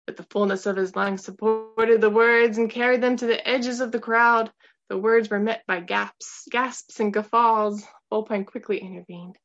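A woman reads a storybook aloud in a measured, steady way. Her voice sits at a middle pitch with a gravelly edge. The recording sounds dull and lo-fi. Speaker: narrator. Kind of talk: scripted storybook narration.

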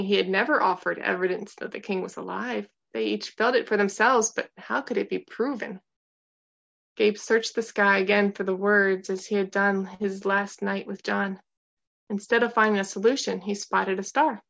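A woman reads a storybook aloud in a measured, steady way. Her voice sits at a middle pitch with a gravelly edge. The recording sounds dull and lo-fi. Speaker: narrator. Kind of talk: scripted storybook narration.

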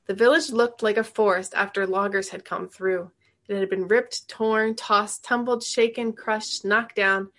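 A woman's voice: mid-range voice, a bit bright. Woman reading a novel aloud. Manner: pauses to explain the text to a listener. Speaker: reader.

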